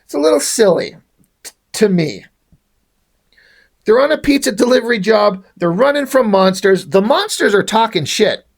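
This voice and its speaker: A man's voice: sits high, animated, normal speed, creaky, pauses often. A man reviewing a comic book in a casual rant, sarcastic, exasperated and full of swearing.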